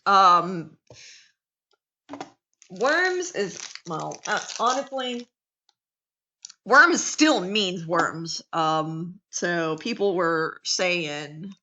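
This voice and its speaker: A woman's voice: fairly low pitch, lively intonation, drawn-out words, pauses often, pushed and bright, muffled recording. An American woman teacher giving a casual classroom lecture, chatty and full of restarts. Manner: chatty, acts out quotes, many restarts.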